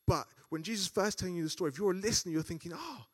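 Male preacher giving a sermon, animated delivery, acts out inner thoughts. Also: sits high, racing.

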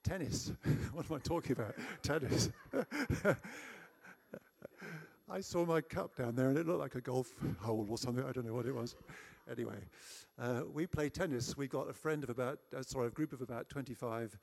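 Man, middle-aged, sermon, self-deprecating anecdote, mid pitch. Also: moderate pace, creaky, slightly rough. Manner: self-deprecating, chatty storyteller who acts out shouting. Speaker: preacher. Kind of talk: sermon with personal story.

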